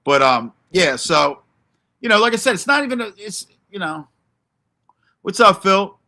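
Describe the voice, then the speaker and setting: Brash male streamer, bright edgy tone, a bit high, profane and combative while calling out rivals. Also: very animated, moderate pace. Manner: brash, profane, confrontational, answers chat by name. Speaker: livestream host. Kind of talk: ranting livestream commentary.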